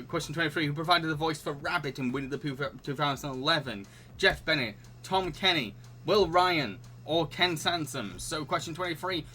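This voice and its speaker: His voice a little high and sharp, this livestream quiz host reads out the questions and options, then giggles and chats with viewers, responding to their comments between laughs.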